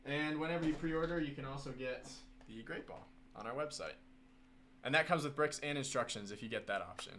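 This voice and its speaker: A man's voice: mid-range voice, a little fast, background noise. A man hosting a live building stream, chatting casually and enthusiastically.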